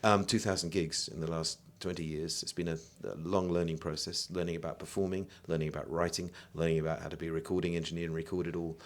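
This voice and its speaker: An older English man on a podcast, telling stories in an animated way and now and then singing a line. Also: deep voice, quick pace, few pauses. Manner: animated storyteller, breaks into song. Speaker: guest, photographer and musician. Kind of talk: casual podcast chat.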